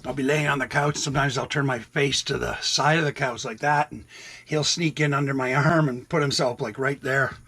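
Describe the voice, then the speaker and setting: A man's voice: medium pitch, steady tone, normal speed, pushed and bright, husky. A man in his sixties chatting casually in a rambling way while cooking in his RV kitchen, talking to his cats now and then. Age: 60s. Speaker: RV vlogger. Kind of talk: casual cooking vlog chat.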